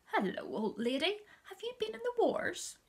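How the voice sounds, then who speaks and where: A woman's voice: very high voice, big pitch swings, moderate pace, darkish tone, pitched above the performer's own voice, heavily acted. A woman voicing a cheerful father in a read-aloud storybook, jolly and teasing. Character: cheerful father coming home from work.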